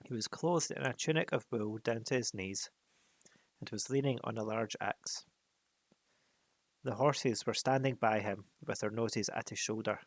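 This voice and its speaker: A man reading a novel aloud in an unhurried way, pausing for casual asides. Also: lowish voice, no echo. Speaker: reader.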